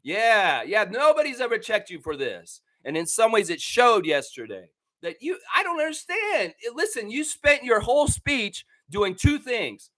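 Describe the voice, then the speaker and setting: A man's voice: high-pitched, very animated, moderate pace, hardly any pauses, pushed and bright. A man from Canada hosting a basketball fan show, ranting angrily with plenty of swearing. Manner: angry, profane, heated ranting. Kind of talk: ranting commentary.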